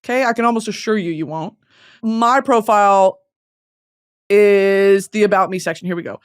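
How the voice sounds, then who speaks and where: A woman in her twenties hosting a podcast, telling a comedic story in a self-mocking, animated way, jumping between loud bursts and low mutters. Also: moderate pace, clear, resonant tone. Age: 20s. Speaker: podcast host.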